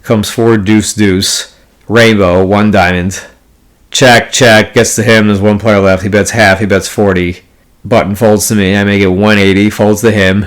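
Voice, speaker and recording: Here a poker vlogger rants through a hand he played, his pitch fairly low, his tone level, his pace measured. The monologue is casual and blunt, thick with profanity and card jargon, and he keeps circling back to restart in exasperation.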